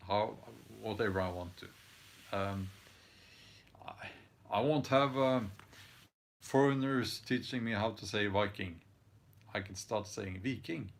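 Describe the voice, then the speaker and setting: A Norwegian man with a Norwegian accent talking casually in a vlog, halting with many fillers, dry and blunt. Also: lowish voice, gravelly. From Norway. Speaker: vlogger.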